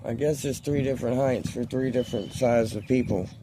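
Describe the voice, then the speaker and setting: Filming on his phone outdoors beside a pond or lake, a man chats to his viewers in a rambling, easygoing vlog. His medium-pitched voice keeps a fairly even intonation at a fairly quick pace. Background noise comes through the outdoor recording.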